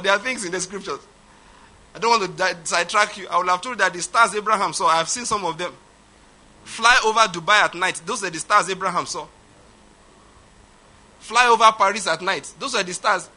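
Bright high-voiced preacher. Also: male voice, a little fast, pauses often. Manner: emphatic, repetitive, laughs at his own points. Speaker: pastor. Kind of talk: sermon.

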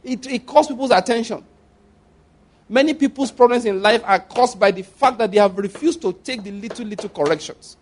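A man with a fairly high voice delivers a conversational sermon. He repeats phrases for emphasis and moves between hushed, intimate stretches and louder, pressing ones. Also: fairly quick. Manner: repeats phrases for emphasis, swings from soft to loud. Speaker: preacher.

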